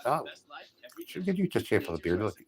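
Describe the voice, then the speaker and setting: A man's voice: lowish voice, very animated, brisk. A middle-aged man chatting casually with viewers as a streamer, telling jokey stories with frequent restarts and self-corrections. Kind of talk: casual rambling chat.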